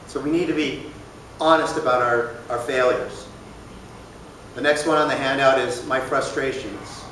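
A man's voice: mid-range voice, fairly even intonation, moderate pace, fairly bright tone, a little hiss or hum. A man casually teaching a church recovery group, plain-spoken, often asking the room questions. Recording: echoey room, voice from far off.

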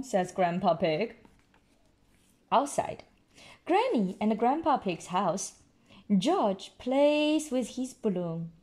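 A woman reading a picture book aloud to a child, gently explaining words along the way. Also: medium pitch, big pitch swings, slow pace, long pauses. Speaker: storyteller.

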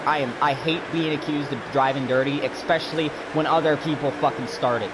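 Angry man, profane rant, slightly high voice, noisy background. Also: fairly even intonation, a little fast, hardly any pauses. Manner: furious, profane, ranting. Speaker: streamer. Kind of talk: angry rant during live racing game stream.

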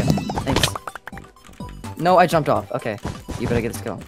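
A young woman chatting casually during an online game, excitable, pleading and shouting callouts. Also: rumbling low, normal speed, pauses often, over music. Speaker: gamer. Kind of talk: casual gaming chat.

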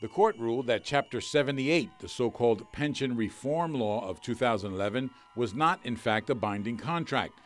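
A man reporting a broadcast news story in a measured, slightly wry delivery. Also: medium pitch, lively intonation.

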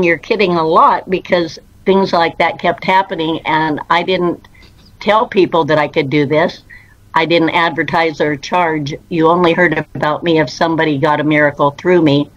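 A woman speaks in a low voice, recounting her own experiences as an interview guest. She tells it earnestly and unhurried, acting out what others said. The sound is dry and dull, like a lo-fi online call. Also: dry recording. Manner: slow, earnest storytelling with quoted dialogue. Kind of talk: storytelling interview answer.

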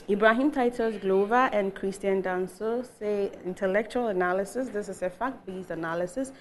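A woman with a Ghanaian English accent reading viewer text messages on air, steady with soft hesitations. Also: medium pitch, slight background noise.

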